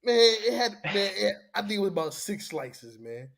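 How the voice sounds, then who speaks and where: A man's voice: high-pitched, big pitch swings, normal speed, gravelly, fairly bright tone. Sick man in laughing banter. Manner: laughing, repeats "you know what I mean". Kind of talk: casual banter.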